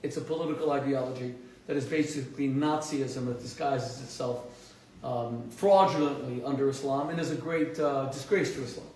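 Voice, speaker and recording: A man, a rabbi hosting his own show, telling stories with animated, emphatic delivery and frequent restarts. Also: moderate pace, very echoey, distant mic, rough recording. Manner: animated, emphatic, rises sharply in pitch when stressing points, frequent restarts. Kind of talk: impassioned storytelling monologue.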